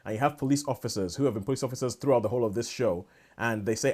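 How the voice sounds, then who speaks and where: Male podcast co-host, mid-pitch, rambling and eager, trips over his own sentences. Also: rapid-fire, darkish tone. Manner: rambling, restarts sentences often. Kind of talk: casual chat.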